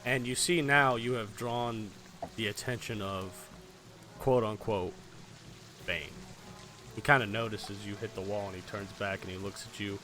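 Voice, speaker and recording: A man's voice: on the low side, fairly even intonation, measured pace, pushed and bright. A man running a tabletop game as game master, narrating in a loose, casual way with lots of fillers and swearing. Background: faint fantasy music and rain.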